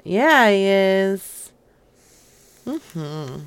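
A woman's voice: medium pitch, big pitch swings, extremely slow, smooth, no room sound. A woman hosting a podcast, making crude, sassy prank phone calls and laughing often. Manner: sassy, brash, laughs a lot. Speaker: prank-calling podcast host.

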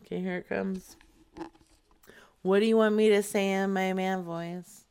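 A woman's voice: mid-range voice, fairly even intonation, measured pace, darkish tone, clear, resonant tone. A woman hosting a casual live chat, teasing and crude, dragging her words out.

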